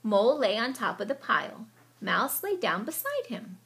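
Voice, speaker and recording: A woman reading a children's picture book aloud with expressive storytelling, and she sometimes stops to explain the story. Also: a little high, normal speed, very noisy.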